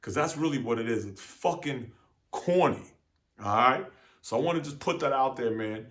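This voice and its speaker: A man's voice: mid-range voice, moderate pace. A young man talking straight to camera in a casual, profane monologue, venting with lots of repeats and fillers. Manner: animated, profane street talk, repeats "man". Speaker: vlogger.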